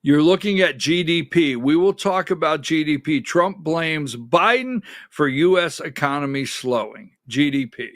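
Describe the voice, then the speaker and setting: High-voiced guy hosting a political show, slow and sarcastic, dry room. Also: expressive, fairly bright tone, dry recording. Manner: sarcastic, emphatic, directs a producer. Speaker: political talk show host. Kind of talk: conservative political commentary.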